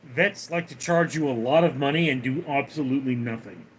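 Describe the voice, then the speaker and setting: A man hosting a casual livestream, talking to his cat and answering viewer comments in a relaxed, unhurried way with frequent fillers. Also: mid-range voice, husky, poor audio. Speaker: livestream host. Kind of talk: casual live-stream chat, reading viewer comments aloud.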